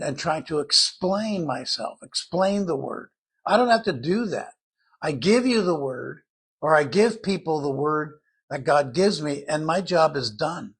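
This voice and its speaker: An older man preaching a sermon in an earnest, conversational Bible-teaching manner, with a husky voice. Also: on the high side, fairly bright tone.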